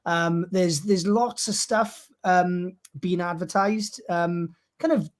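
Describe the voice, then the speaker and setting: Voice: mid-range voice, fairly even intonation, slow. A co-host on a podcast livestream, rambling and thinking aloud with lots of ums. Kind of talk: casual livestream chat.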